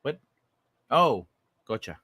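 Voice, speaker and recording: A man's voice: mid-range voice, very animated, slow, pushed and bright, husky, dry recording. A man hosting a casual late-night livestream, talking loosely and with plenty of swearing while he reads viewers' chat messages aloud. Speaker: livestream host.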